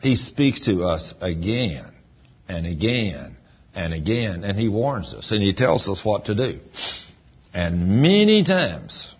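Male pastor, down-home sermon storyteller; husky, slightly low voice on a dull recording. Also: lively intonation, measured pace. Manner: folksy storytelling, rises in emphasis.

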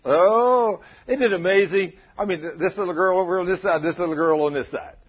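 A man preaching a sermon, calling out to his congregation and acting out prayers in an animated way. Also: high-pitched, quick pace, breathy edge, dull audio.

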